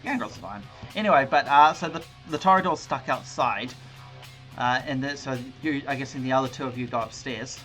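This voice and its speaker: A man narrating a tabletop role-playing game as game master, rambling and halting, with frequent laughs. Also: mid-range voice, pushed and bright, faint music behind.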